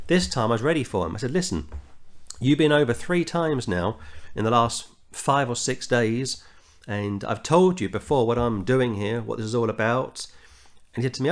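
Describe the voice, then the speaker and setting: An earnest middle-aged Englishman teaches scripture verse by verse at an ordinary mid-level pitch. He moves from reading the text with rising emphasis into plain, conversational stories from his street work. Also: a little fast. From England. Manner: earnest, reads scripture aloud with rising emphasis, tells anecdotes. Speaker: Bible teacher. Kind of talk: verse-by-verse Bible study.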